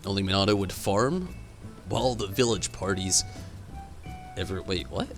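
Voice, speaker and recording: A man's voice: low-pitched, moderate pace, a bit bright, soft background music. A man streaming a game live, rambling animatedly, answering chat and swearing casually. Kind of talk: live gameplay stream commentary.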